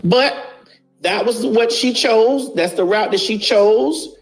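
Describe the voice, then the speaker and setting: A woman's voice: a little high, slow. A woman giving a blunt, casual commentary, preaching her point and repeating lines for emphasis, swearing freely.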